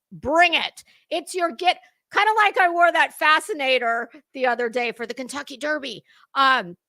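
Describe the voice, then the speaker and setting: A woman's voice: high voice, pushed and bright, dry recording. A middle-aged American woman, chatting casually and ramblingly as host of a live fashion commentary stream, self-deprecating and friendly with viewers. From United States.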